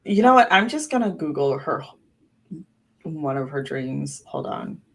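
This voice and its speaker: A woman co-host chatting casually. Her voice sits on the low side and she speaks slowly, pausing and restarting as she works out her point. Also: sing-song, gravelly, slightly rough. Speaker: podcast co-host. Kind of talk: casual chat.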